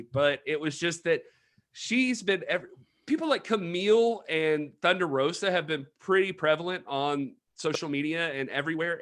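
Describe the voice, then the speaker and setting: A man hosting a wrestling podcast in casual chat, reading out chat messages and laughing often. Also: fairly high pitch. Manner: laughing, reads chat shout-outs, does impressions. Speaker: podcast host.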